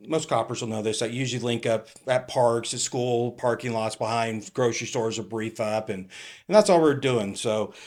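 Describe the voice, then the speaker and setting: Laughing, animated middle-aged man telling stories. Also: medium pitch. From California. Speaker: retired police captain, guest. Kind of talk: casual storytelling.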